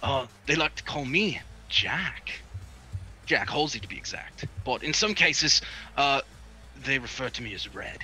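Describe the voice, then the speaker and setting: A man's voice: medium pitch, animated, a little slow, sharp tone, slightly rough, soft background music, heavily acted. A man putting on a jaunty Aussie bruiser. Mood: chummy. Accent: put-on Australian. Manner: jaunty, chummy, sprinkled with "mate". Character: big brash Australian man in suspenders and monocle.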